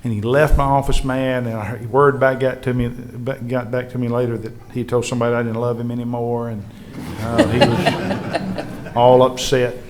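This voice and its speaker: A man's voice: medium pitch, normal speed. Earnest man telling stories. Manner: earnest, animated storyteller acting out colleagues' words. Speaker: state legislative leader on a history panel. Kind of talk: anecdotal storytelling to a live audience.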